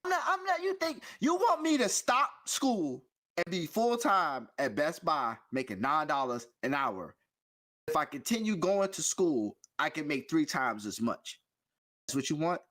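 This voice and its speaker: Emphatic high-pitched man ranting. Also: very animated, measured pace, a bit bright. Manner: emphatic, rhetorical questions, slangy. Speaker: podcast co-host. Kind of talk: casual chat, ranting.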